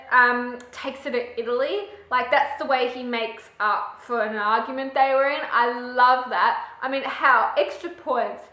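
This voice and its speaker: A woman's voice: on the high side, pushed and bright. A young woman, chatting in a gushing way as she reviews a book for her vlog. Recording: echoey room.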